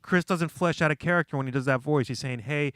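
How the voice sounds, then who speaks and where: A man's voice: a little high, fast, fairly bright tone, no echo, clean studio sound. A man co-hosting a podcast, making his case in an earnest, argumentative way. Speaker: podcast co-host. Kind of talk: casual studio chat.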